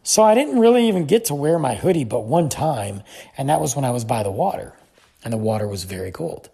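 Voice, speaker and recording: Guy with a gravelly husky voice just chatting about his trip, lively storyteller. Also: mid-range voice, a little fast. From United States. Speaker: podcast host. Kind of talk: casual storytelling.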